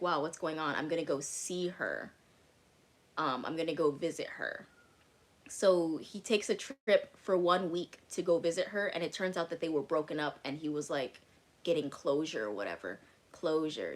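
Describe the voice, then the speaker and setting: Casting: young woman, candid storyteller, slightly low voice, salty language, filler-heavy. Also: fairly bright tone. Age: young adult. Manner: frank, profane, many "like" fillers. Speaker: vlogger. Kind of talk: casual storytelling.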